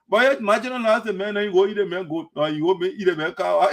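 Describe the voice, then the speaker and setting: A man giving rambling, animated commentary on community news, laughing often as he talks. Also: sits high, brisk. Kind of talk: casual commentary.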